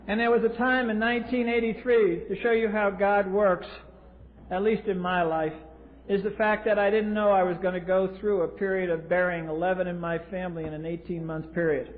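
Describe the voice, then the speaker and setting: A man's voice: high-pitched, fairly even intonation, brisk. Blunt, wry man on an old hall tape. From US East Coast. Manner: blunt and wry, with dry humor. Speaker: recovery meeting speaker. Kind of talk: personal recovery story at a podium. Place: large convention hall. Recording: tinny lo-fi 1980s tape in a reverberant hall.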